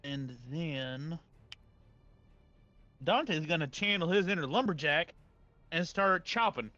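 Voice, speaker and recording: A man's voice: on the high side, animated, slow pace, pushed and bright, lo-fi sound. A man playing a tabletop game, thinking aloud through rules and dice math. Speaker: player.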